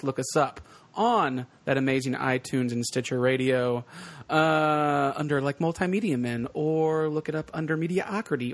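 Man, podcast host, slightly higher voice, playful, joking banter. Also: normal speed. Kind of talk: casual comedic podcast chat.

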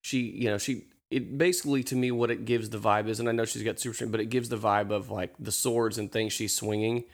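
A man in casual podcast chat, talking haltingly with many restarts. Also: lowish voice, fairly even intonation.

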